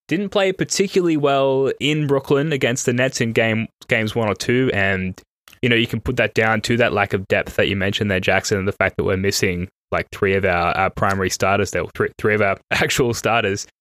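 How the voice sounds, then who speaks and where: A man's voice: on the low side, moderate pace, a bit bright, dry recording. A man hosting a podcast, chatting in a rambling, self-correcting way that turns enthusiastic. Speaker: podcast host. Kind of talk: casual analytical chat.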